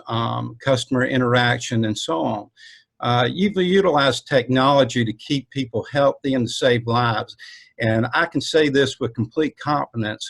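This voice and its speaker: Halting Southern man opening a conference. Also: mid-range voice, gravelly. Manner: halting, with many ums and uhs. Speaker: conference host.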